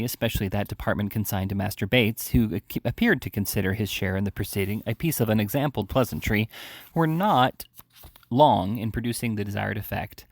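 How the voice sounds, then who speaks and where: A low, gravelly man reading a classic novel aloud at a measured pace. He now and then stumbles and corrects himself. The sound is dry and close to the mic. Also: dry recording. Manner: measured, occasional slips and self-corrections. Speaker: reader. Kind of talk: audiobook narration.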